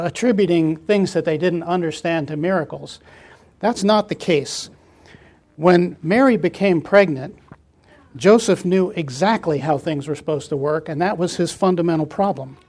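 A man teaching a Bible study in a slightly high voice. He reads scripture passages aloud, then explains them in a patient, measured way, often pausing with fillers. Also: darkish tone.

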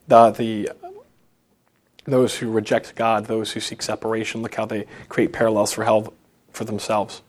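A man preaching an unscripted sermon, halting often and restarting phrases, then rising for emphasis. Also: on the low side.

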